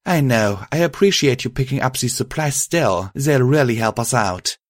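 A man's voice: mid-range voice, lively intonation, moderate pace, no room sound, pitched above the performer's own voice, natural voice. A kindly but frazzled pony mare who runs a small town's clinic and worries aloud, as a man reads her part. She talks in a lifted, strained voice that tips easily into alarm. It is a dry, close audiobook reading. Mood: apologetic. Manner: anxious, emotional outbursts. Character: kindly stressed mare, town nurse and mayor.

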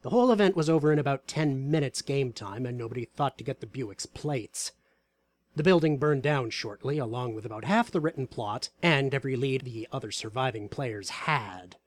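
A man reading aloud a story about a tabletop game session in a wry, deadpan way. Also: mid-range voice, moderate pace.

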